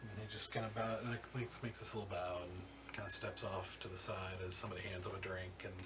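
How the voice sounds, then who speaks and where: A man narrating as game master of a tabletop game, halting with many fillers and restarts. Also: deep voice, little pitch movement, noisy background. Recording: distant mic with music behind.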